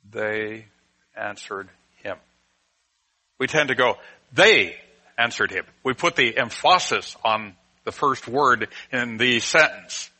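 A man teaching a Bible class, explaining a passage slowly and deliberately with frequent pauses. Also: a little high, sharp tone, low-quality recording.

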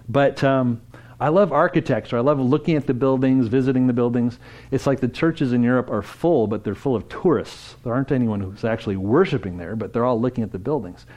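A man speaking at a conference, preaching in a relaxed, conversational way. His voice sits mid-range, and he keeps turning to the audience with questions. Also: mid-range voice. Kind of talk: interactive church talk.

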